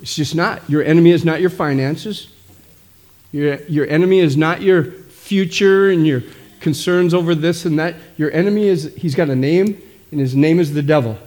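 A man's voice: on the high side, normal speed, a little mellow. A middle-aged man preaching a sermon, emphatic and calling out "amen?" again and again. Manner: emphatic, frequent calls of "amen?". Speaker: pastor.

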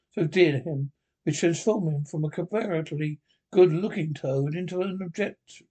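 A man's voice: high voice, creaky, a little mellow, breathy edge, heavily acted. A man voicing a stern, solemn old male badger who talks in a grave, commanding way.

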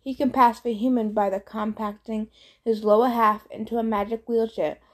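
A woman's voice: fairly high pitch, little pitch movement, normal speed. A woman reading a first-person story aloud in a wry, conversational way. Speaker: audiobook reader.

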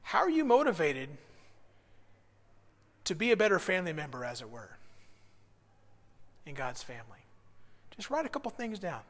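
A man leading a devotional Bible study, earnest, moving between hushed reflection and excited praise. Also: fairly high pitch, normal speed, pauses often, big-room sound. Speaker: pastor.

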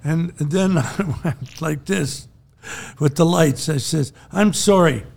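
Older man with a gravelly voice. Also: a little high, takes it slowly, a little mellow. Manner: rambling anecdotes, frequent chuckles. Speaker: podcast co-host. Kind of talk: casual storytelling chat.

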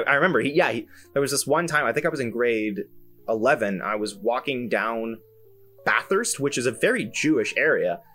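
A young male podcast host with a medium-pitched voice tells a story on his own, animated and amused by himself. His casual delivery is full of fillers and restarts.

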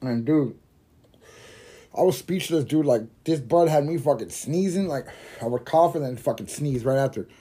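A man hosting a podcast, telling a rambling, swear-filled story while high and laughing at his own jokes. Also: moderate pace, dark tone, breathy edge. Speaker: podcast host. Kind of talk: casual storytelling monologue.

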